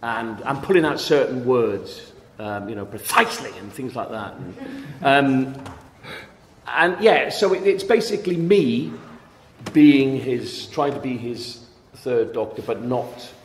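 Man, panel guest, halting answers full of fillers; roomy hall with a long tail and faint hum behind. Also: medium pitch, expressive. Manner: hesitant, many fillers. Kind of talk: convention panel interview. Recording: echoey hall with faint ambience.

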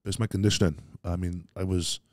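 A man talking as a podcast guest, telling rambling, animated stories and dropping "mate" into almost every sentence. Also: deep voice, a little fast, no room sound, clean studio sound. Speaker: podcast guest, strongman athlete. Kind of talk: casual interview chat.

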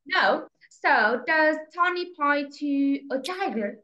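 A woman English teacher with a Vietnamese accent, slowly and patiently questioning a young pupil in a speaking test. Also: sits high, animated, bright, forceful tone. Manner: slow, patient questioning, repeating prompts. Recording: echoey, dull lo-fi room sound.

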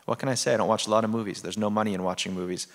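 A man's voice: lowish voice, racing, natural voice. A man reading as a brash, teasing Israeli man. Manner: read aloud in a lively, deadpan storytelling tone. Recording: long reverb of a theater hall.

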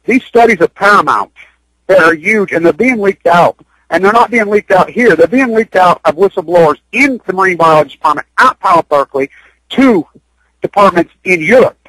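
High-voiced guy ranting on a radio interview, dry sound, keeps circling back. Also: animated, moderate pace, fairly bright tone, dry recording, poor audio. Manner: urgent, rambling, repeats himself. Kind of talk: impassioned radio interview talk. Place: Utah.

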